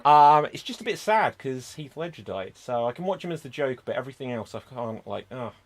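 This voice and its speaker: A man hosting a live improv show over a video call, chatty and lively. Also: mid-range voice, a little fast.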